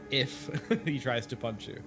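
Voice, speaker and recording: A man's voice: mid-range voice, a little slow. A man playing a tabletop game, casual and giggly. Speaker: player. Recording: music in background.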